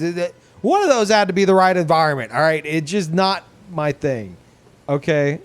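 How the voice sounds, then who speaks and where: A man's voice: a little high, expressive, moderate pace. Rambling, profane male streamer. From Louisiana, US. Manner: rambling, profane, many restarts. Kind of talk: casual live-stream chat.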